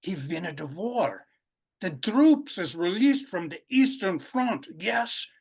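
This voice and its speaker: A man reading aloud in a put-on Russian accent, voicing an excitable Russian man who tells his tale in broken English with questioning asides. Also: high-pitched, slow pace, creaky, slightly rough, voice pushed up, full character voice. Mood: animated storytelling.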